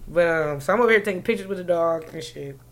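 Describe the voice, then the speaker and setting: Loud, profane woman telling a story. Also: lowish voice, fast. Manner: animated, profane, swings into loud laughing bursts. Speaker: podcast co-host telling a story. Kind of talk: casual storytelling chat.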